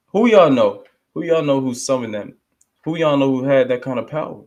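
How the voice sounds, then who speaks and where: A man's voice: medium pitch, lively intonation, normal speed, darkish tone. A man hosting a reaction video, talking casually and emphatically with fervent bursts. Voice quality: conversational, emphatic, lapses into quoting others. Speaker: channel host reacting to a speech.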